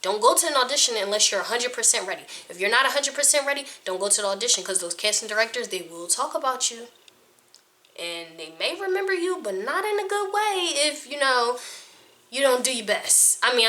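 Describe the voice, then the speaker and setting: Bright-voiced woman acting coach, casual and blunt, laughs a lot. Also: a little high, lively intonation, brisk. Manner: frank, chatty, laughs often. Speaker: acting coach and casting judge. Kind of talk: casual advice to camera.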